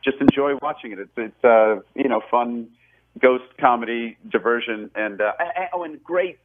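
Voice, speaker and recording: A man in his forties talks casually as a radio guest, heard through a tinny, phone-like line. He rambles, laughs at himself and restarts his sentences often. His voice sits at a middle pitch for a man. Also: moderate pace, background noise. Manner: rambling, self-deprecating, many restarts and laughs. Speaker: actor and film director, guest.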